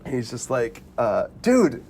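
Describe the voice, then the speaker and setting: A young man co-hosting a casual movie chat podcast, animated and laughing often, full of fillers. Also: mid-range voice, normal speed, a little hiss or hum. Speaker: podcast co-host.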